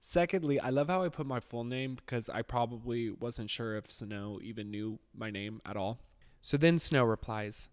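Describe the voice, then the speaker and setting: A man telling a comedic storytime, full of sarcastic self-deprecating asides and quick laughs. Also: lowish voice. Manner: laughs often, lively mock quotes.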